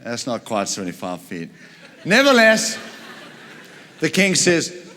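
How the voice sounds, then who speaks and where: A man preaching a storytelling sermon, retelling a Bible story in an animated way with frequent chuckles. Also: fairly high pitch, measured pace, pauses often, big-room sound.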